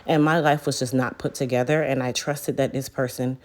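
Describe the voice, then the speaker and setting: A woman's voice: very deep voice, fairly even intonation, fairly quick, a little mellow. A woman in her thirties, a hair care business owner, chatting straight to her viewers in a casual storytime vlog. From United States. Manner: chatty, addresses viewers directly.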